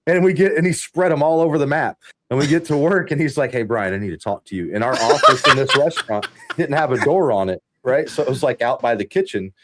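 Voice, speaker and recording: A man from Texas hosting a podcast, telling long work stories in a casual, animated way, laughing often and swearing freely. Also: fairly high pitch, quick pace. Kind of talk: casual storytelling chat.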